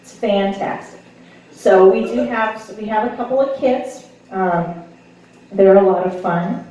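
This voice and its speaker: A woman's voice: mid-range voice, measured pace, warm tone, lo-fi sound, a little hiss or hum. A woman in her thirties doing a stand-up comedy set, telling wry, self-deprecating stories and slipping into playful voices for quotes. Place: club stage before a live audience. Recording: echoey room recording, slightly distant.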